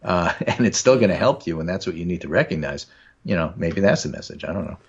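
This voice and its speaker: Brief: deep, husky New York man, dull lo-fi sound, talks politics in a wry rambling way. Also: animated, quick pace. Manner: wry, rambling, reads quotes aloud. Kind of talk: casual political chat.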